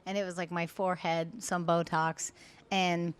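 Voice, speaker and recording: A woman in her thirties hosting a podcast in casual chat, gushing and excitable, laughing often. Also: fairly low pitch, normal speed, clear, resonant tone. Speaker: podcast host.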